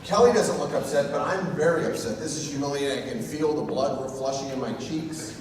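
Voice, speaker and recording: A man, the groom, tells a funny, self-mocking story at his wedding with a slightly high voice. He sounds distant from the mic in a big, echoing hall, with room noise all around. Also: a little fast, a crowd in the background. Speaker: groom giving a wedding speech. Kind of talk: comedic storytelling speech. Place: large reception hall. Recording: echoey hall, voice from far off, audible room noise.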